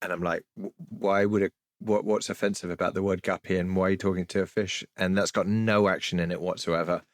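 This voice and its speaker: A man's voice: deep voice, flat delivery, brisk, hardly any pauses, no echo, studio quality. Wry man on a podcast. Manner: wry, self-mocking, hesitant. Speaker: podcast guest. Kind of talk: casual chat.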